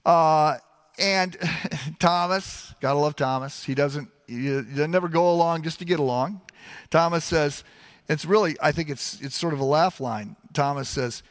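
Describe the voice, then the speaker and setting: A man's voice: fairly high pitch, moderate pace, fairly bright tone, long reverb tail. A man preaching a sermon in a conversational, emphatic way, often restarting his phrases. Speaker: pastor.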